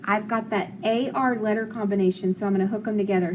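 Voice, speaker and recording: A woman teaching a phonics lesson to a class, encouraging them, asking questions and sounding out letters slowly. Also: medium pitch, a little hiss or hum.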